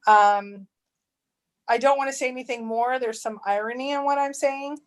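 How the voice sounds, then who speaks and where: A woman co-hosting a casual livestream chat, rambling with restarts and quick to laugh. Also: high voice, steady tone. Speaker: treasure hunt channel co-host.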